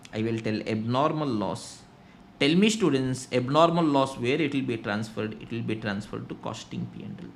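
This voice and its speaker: A young man with an Indian English accent teaching a lecture, firing rhetorical questions at his students. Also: medium pitch. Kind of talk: classroom lecture.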